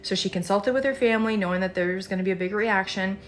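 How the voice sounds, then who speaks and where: A woman hosting a podcast, retelling a listener's story with emphatic, animated commentary. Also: mid-range voice, fast talker, soft background music. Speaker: podcast host.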